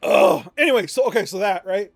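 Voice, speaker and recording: A man streaming live, telling a story in an animated way, swearing often and laughing between lines. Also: high-pitched, normal speed, no echo, faint music behind.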